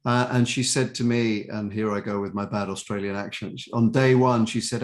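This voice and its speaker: An older man, an actor guest in an interview, telling chatty, animated anecdotes and sometimes quoting other people's voices. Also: fairly low pitch, normal speed, hardly any pauses.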